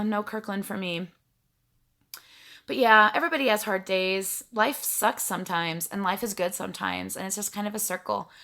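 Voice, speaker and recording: A middle-aged woman vlogs from her home in front of a backdrop, chatting to the camera with a bright, crisp edge to her voice. She rambles along casually and pokes fun at herself. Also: mid-range voice. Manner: chatty, rambling, self-mocking. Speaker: vlogger.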